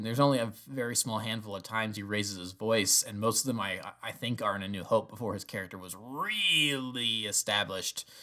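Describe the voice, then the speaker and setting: A young man giving a casual spoken review, animated and rambling, often restarting his sentences. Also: fairly low pitch. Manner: acts out quoted lines in bursts. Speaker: video reviewer.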